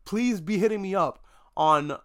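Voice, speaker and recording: A man hosting a podcast, giving a casual movie review monologue with animated, mock-outraged asides and swearing. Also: high-pitched, a little slow, clear, resonant tone. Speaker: podcast host.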